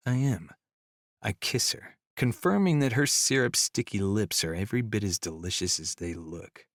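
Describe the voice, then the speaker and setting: A man with a fairly low voice narrates a first-person romance in an easygoing storytelling way. His close studio mic gives a dry sound with no room. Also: animated, normal speed, no echo. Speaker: audiobook narrator.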